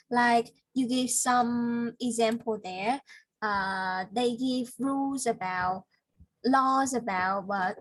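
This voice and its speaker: A woman with a husky, slightly high voice gives a patient one-on-one vocabulary lesson. She talks slowly, leaning on fillers as she explains words. The recording is close and dry. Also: dry recording, rough recording. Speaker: English teacher.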